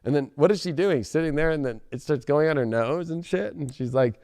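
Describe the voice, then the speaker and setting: A man giving a casual tarot reading, profane and joking, bursting into shouts and silly voices. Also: fairly high pitch, a little fast, few pauses, no room sound. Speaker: tarot reader.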